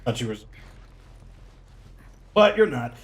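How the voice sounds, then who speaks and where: A man hosting a let's play, commenting in an excitable, rambling way and filling his talk with "like". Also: medium pitch, slow. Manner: excitable, rambling, heavy use of "like". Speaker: gaming channel host.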